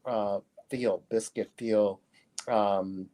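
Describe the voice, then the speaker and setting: Soft-spoken man with a dark voice. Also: on the low side, fairly even intonation, very slow, rough recording. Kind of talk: casual chat on a video call.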